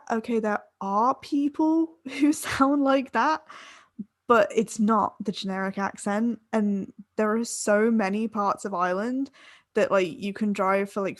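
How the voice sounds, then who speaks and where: A woman's voice: medium pitch, no echo, studio quality. A young woman co-hosting a casual chat podcast, rambling and laughing partway through her sentences. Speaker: podcast co-host.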